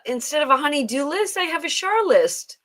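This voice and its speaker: A playful woman with a somewhat high voice co-hosts a casual livestream. She teases her partner and laughs a lot between remarks. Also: sing-song, fairly quick, a bit bright, low-quality recording. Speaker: livestream co-host.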